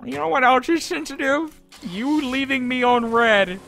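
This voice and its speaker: High, lively, foul-mouthed gamer woman. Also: normal speed, vocal fry. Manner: crude, rowdy, swears constantly, says dude and bro. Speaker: gaming streamer. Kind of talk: profane improvised co-op gaming banter.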